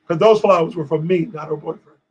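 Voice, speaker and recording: Animated male guest from D.C., high and husky, acts out every quote. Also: brisk, lo-fi sound. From Washington, D.C. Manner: animated storyteller acting out quotes. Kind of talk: storytelling in a casual interview.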